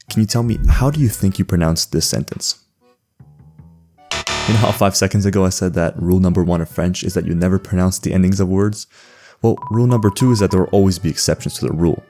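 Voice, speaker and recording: A man's voice: low-pitched, darkish tone. A young man, hosting a comedic voice-over explainer, sarcastic and joking, often laughing mid-sentence. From Canada. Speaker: language-learning video host. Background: faint background music.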